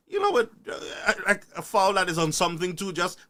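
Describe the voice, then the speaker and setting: Animated man ranting. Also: sits high, a little fast. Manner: animated, preachy, rhetorical questions. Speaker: live-stream commentator. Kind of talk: ranting live-stream commentary.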